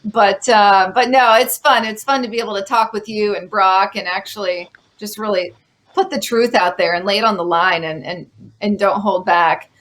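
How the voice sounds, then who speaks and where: A young woman hosting an interview show, talking in an animated, ranting way about her opinions and chatting casually with her guest. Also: medium pitch, normal speed. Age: young adult. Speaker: podcast host.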